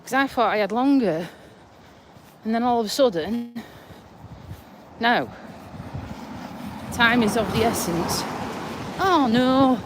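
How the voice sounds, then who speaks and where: A woman's voice: a little high, expressive, slow pace, long pauses. A woman chatting bluntly in a live vlog while out walking, a little out of breath. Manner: chatty, blunt, swears casually. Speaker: vlogger. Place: outdoors on a windy walk. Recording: noisy outdoor phone recording with wind.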